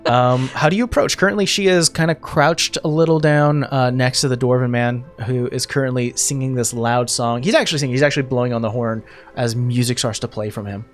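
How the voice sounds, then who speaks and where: Man running a tabletop game. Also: medium pitch. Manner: casual, halting with fillers. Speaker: game master.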